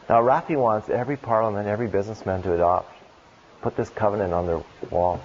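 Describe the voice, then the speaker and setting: Earnest rambling man, husky lo-fi recording. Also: on the low side, fast talker. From Canada. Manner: earnest, rambling, with restarts and rhetorical questions. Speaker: keynote speaker. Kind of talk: conference Q&A answer. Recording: dull lo-fi lecture recording.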